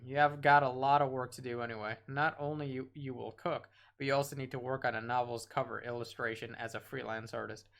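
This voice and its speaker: A man's voice: mid-range voice, a bit bright. Man reading a horror game aloud, wry. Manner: wry asides, trips over words while reading. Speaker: streamer.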